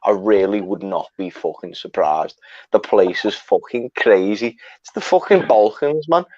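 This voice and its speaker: A man at an average pitch, sardonic and profane as he tells stories. The audio is dry and close, with no room sound. It sounds slightly dull and lo-fi. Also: animated, a little slow, darkish tone, no echo. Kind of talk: casual chat.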